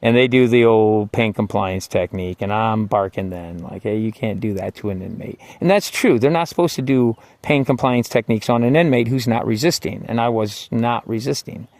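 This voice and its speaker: At medium pitch and normal speed, with few pauses, a man in a dry recording casually describes being in jail. The telling is rambling and profane, heavy on "like" and "you know," wry, and swings from quiet remarks to heated outbursts.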